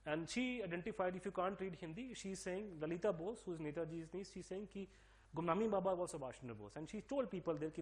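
A man explaining a story at length, talking quickly with many restarts and fillers. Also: a little high, a little mellow. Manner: fast, with frequent restarts and fillers. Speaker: speaker presenting documents. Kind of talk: explanatory talk.

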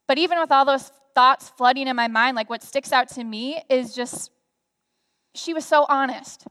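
A guest speaker, a woman with a high voice, shares conversationally on a church stage, telling stories animatedly with lots of fillers at a moderate pace. The recording carries the reverberant sound of the hall.

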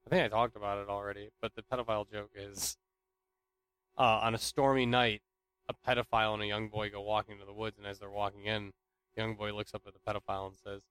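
A young man casually rambling through an anecdote, restarting sentences and swinging between loud bursts and near mumbles. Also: on the low side, flat delivery, fast talker, clean tone, dry recording. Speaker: storyteller.

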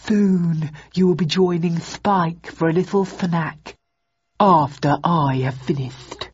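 A woman voicing a gloating, menacing male vampire who speaks in a slow, sneering way. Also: lowish voice, a little mellow, slightly rough, full character voice. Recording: dull lo-fi audiobook recording.

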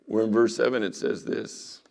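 Gravelly male pastor preaching. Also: lowish voice, level tone, normal speed, a little mellow. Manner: dramatic retelling, drops to a whisper for quotes. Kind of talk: sermon.

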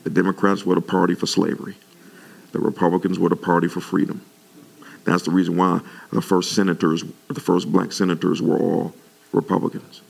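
A male pastor preaching to his congregation with a very gravelly, rough-edged voice that sits on the low side. His delivery is animated, and his pitch leaps up whenever he gets worked up. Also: brisk. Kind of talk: sermon.

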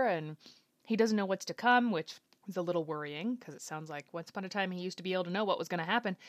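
A woman talks through an episode recap in a casual, unscripted way, hedging and thinking aloud as she goes. Her voice sits at a middle pitch and sounds dry and close, with no room echo. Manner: thinking aloud, hesitant, many asides.

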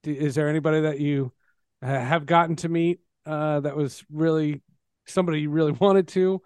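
Chatty host with a dry, close voice. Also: male voice, a little high, fairly even intonation, moderate pace, a little mellow, clean tone, no room sound. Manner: chatty, hesitant, many fillers. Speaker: podcast host. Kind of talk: casual interview.

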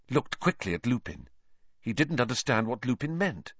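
A man narrating an audiobook with an expressive, dramatic reading. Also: mid-range voice, normal speed, breathy edge, no room sound, lo-fi sound. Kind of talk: scripted narration.

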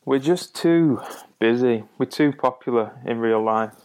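A man's voice: medium pitch, a little slow, darkish tone, smooth. Easygoing man co-hosting. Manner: easygoing, joking banter with a dry edge. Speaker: co-host of a music podcast. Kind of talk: casual chat.

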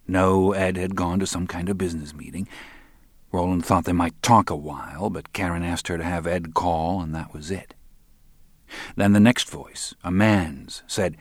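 A man reading novel narration in a steady, understated manner. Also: low-pitched, normal speed, dry recording, studio quality. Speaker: audiobook narrator. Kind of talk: scripted narration.

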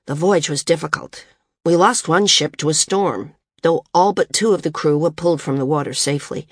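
A severe, guarded young man speaks flatly with a sardonic edge, as a woman reads him. The voice sits fairly low with a husky grain. It is recorded dry and close for an audiobook. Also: normal speed, no echo. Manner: flat, sardonic delivery.

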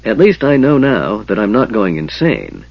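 A man voicing a haunted, solemn male plainsman warrior in an audiobook, speaking quietly and haltingly in a husky voice. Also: on the low side, huge pitch swings, no room sound, dull audio, exaggerated voice.

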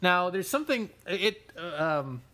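A man co-hosting a casual comedy podcast, quick with jokes and swearing freely. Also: high-pitched, sing-song, sharp tone. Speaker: podcast co-host.

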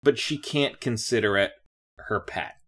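A woman co-hosting a casual podcast chat about a cartoon episode, playful and quick to laugh. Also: extremely low pitch, a bit bright. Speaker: podcast co-host.

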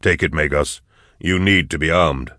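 A man's voice: very deep voice, moderate pace, sharp tone, no room sound. A man voicing a stern, grim investigator who speaks in grave, terse lines, in a dry close recording.

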